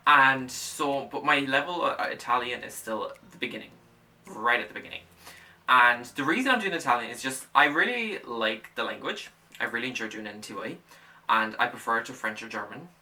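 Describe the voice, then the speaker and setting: A man's voice: mid-range voice, a little fast, pushed and bright, distant mic. A young man in his late teens whose first language is Russian, talking through his studies in a casual vlog, rambling and correcting himself as he goes. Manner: rambling, restarts and repeats himself. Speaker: student vlogger.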